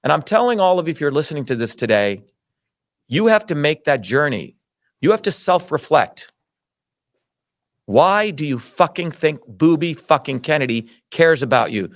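A middle-aged interview guest with a fairly high, very animated voice speaks at a moderate pace, captured in clean studio sound without room echo. He angrily and emphatically tells his personal story, swearing a great deal.

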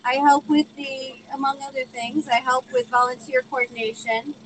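A woman coordinating volunteers gives an upbeat, slightly halting welcome at an outdoor rally. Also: high voice, steady tone. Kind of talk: event welcome. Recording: loud crowd and noise outdoors.

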